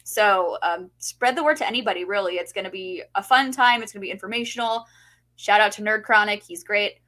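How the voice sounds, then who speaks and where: A woman's voice: medium pitch, fairly quick, bright, forceful tone. A woman co-hosting a podcast in casual chat, bubbly and laughing often. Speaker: podcast co-host.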